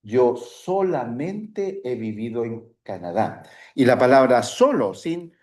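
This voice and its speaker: A man's voice: mid-range voice, big pitch swings, measured pace, a little mellow. A man teaching an adult language class as the teacher. He is patient, and he stops often to repeat himself and confirm answers. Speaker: Spanish teacher. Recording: echoey room sound.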